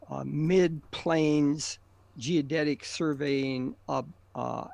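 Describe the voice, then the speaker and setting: A man from northern Minnesota, speaking in a measured way with frequent pauses as a debate guest. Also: medium pitch, creaky, no echo. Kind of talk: casual conversation on a call.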